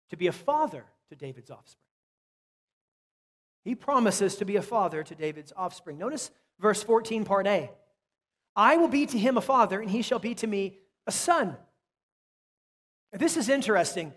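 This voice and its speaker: A man with a high voice preaches a sermon, stressing and repeating key phrases and then sinking to quiet asides. His voice rings with a long reverb, as in a church sanctuary. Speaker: pastor.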